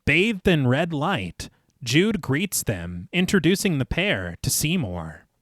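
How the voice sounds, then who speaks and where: A man with a fairly high voice speaks slowly in a dry, studio-quality recording. He hosts a horror podcast, lively as he reads a film's plot recap and then cracks jokes in casual chat.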